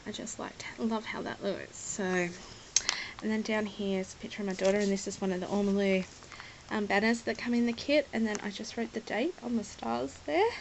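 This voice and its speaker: A woman's voice: medium pitch, brisk, creaky, background noise. An Australian woman chatting casually as she shows a scrapbook, rambling, apologetic and at times close to tears. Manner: emotional, near tears at times. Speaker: scrapbooking vlogger. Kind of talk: casual chat showing a scrapbook.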